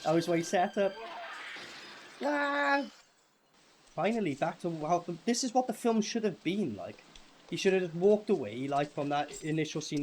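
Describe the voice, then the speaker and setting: A man's voice: on the high side, a little mellow, a little hiss or hum. A young man hosting a film review chat, sweary and mocking, often talking over his co-host. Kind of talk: casual chat.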